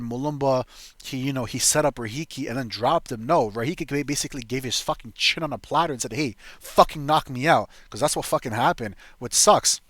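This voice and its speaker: A man's voice: on the high side, a bit bright, no room sound. A young man giving a blunt, profane, rambling casual breakdown of fight picks as a show host, full of fillers. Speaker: MMA fight predictions host.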